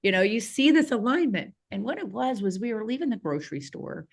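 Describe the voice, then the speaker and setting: Animated woman telling a story. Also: on the high side, a little fast, vocal fry. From Southeast Missouri, USA. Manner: animated, laughs often, many fillers. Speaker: podcast guest. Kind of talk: casual storytelling.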